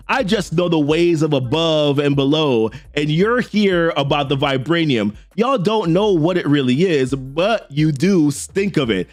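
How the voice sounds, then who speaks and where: A man doing a mocking sorceress, slow drawl. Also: on the high side, no room sound. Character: sadistic female sorcerer, mocking, ancient.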